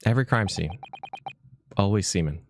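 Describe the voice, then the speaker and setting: A man's voice: on the low side, normal speed, slight background noise, lightly acted. A man voicing a flustered young male student in a game, startled and stammering.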